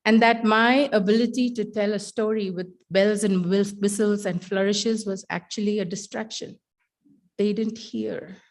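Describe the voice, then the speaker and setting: A middle-aged woman, a teacher, giving a keynote talk in an animated storytelling manner. Her voice sits at an ordinary middle pitch. She delivers her points with wry humor and well-placed dramatic pauses.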